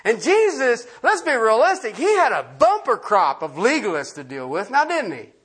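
A man's voice: extremely high pitch, wildly swooping pitch, moderate pace, a bit bright, husky. A man preaching a sermon as pastor, emphatic and quizzing the congregation with questions.

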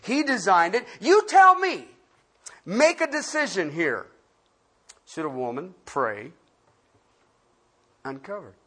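A pastor teaching a Bible-study sermon, asking the listeners questions and swinging from loud emphasis to quiet asides. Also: mid-range voice, very animated, takes it slowly, long pauses, husky.

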